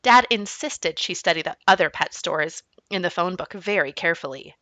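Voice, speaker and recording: Expressive woman reading aloud. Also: on the low side, normal speed, dry recording. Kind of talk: storybook read-aloud narration.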